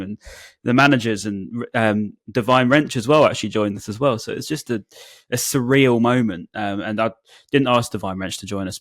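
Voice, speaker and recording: Young male co-host, casual and chatty, mid pitch. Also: dry recording, studio quality. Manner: chatty, many "like" fillers. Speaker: podcast co-host. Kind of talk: casual football podcast chat.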